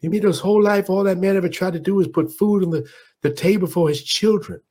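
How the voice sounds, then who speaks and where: A proud, commanding boxing champion, as a man impersonates him in the middle of a story. The voice jumps well above the storyteller's own pitch and pushes out loud and emphatic, with a husky edge. He lectures with force. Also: fairly even intonation, brisk. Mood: indignant. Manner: loud, emphatic, preaching about respect. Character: impression of a famous boxer, commanding proud man.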